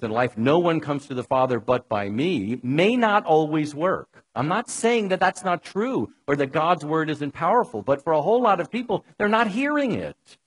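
A man delivers a conversational sermon, his voice husky and set a little high. He is wry and chatty, and he talks straight to his listeners. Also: low-quality recording. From New York. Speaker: preacher.

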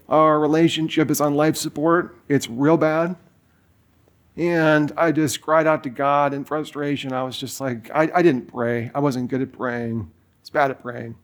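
A man's voice: on the high side, steady tone, measured pace. A man in his forties preaching a sermon, telling a personal story in a casual way with lots of fillers. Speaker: pastor.

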